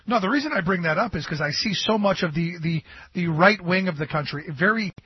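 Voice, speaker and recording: A man's voice: sits high, animated, a little fast, breathy edge, no echo. A man hosting a radio interview, talking in a conversational, agreeable way with casual asides. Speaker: radio host. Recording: dull, dry lo-fi radio sound.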